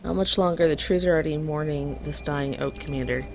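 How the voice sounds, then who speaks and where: A woman voicing an ancient forest spirit in a game, speaking in an even, solemn, reproachful way. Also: low-pitched, a little fast, vocal fry, soft background music. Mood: grave. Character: ancient genderless forest spirit, calm and ominous.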